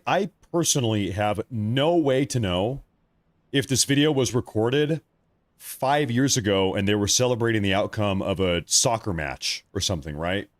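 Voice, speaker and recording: A man's voice: mid-range voice, no echo. A man in his thirties hosting a live stream, chatting casually and rambling, often repeating himself.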